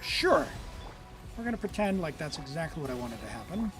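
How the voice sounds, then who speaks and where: A fairly high-voiced man streaming gameplay, excitable and chatty as he talks to his characters. His pitch jumps around constantly. Faint game music runs underneath. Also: brisk. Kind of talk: live gameplay commentary.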